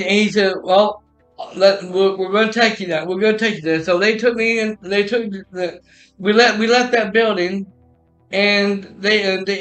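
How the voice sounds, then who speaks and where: A man with a high, bright voice tells a story on his podcast live stream, excitable and rambling, often restarting his sentences. The sound is roomy and echoey, with faint music playing behind him. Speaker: podcast host.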